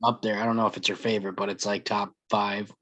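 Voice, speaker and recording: A man's voice: lowish voice, little pitch movement, fast, fairly bright tone, no echo, dull audio. A man joking in an easygoing way while he chats with a group on a video call. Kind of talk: casual group chat.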